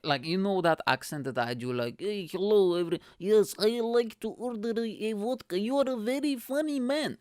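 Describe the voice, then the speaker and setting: A male comedian and podcast host telling stories in a casual, animated monologue, swearing often and filling his talk with "like" and "you know". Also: mid-range voice, clean tone, no room sound, studio quality. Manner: animated, swearing, heavy with fillers.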